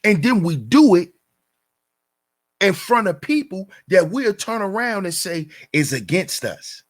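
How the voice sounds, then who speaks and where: A man's voice: high voice, very animated, a little slow. A man hosting his own channel, giving an emphatic commentary rant full of repeated rhetorical questions. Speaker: channel host.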